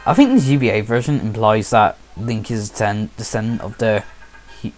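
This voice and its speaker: A man's voice: lowish voice, moderate pace, a little mellow, faint music behind. A sleepy man giving casual let's play commentary, rambling and often stopping to correct himself.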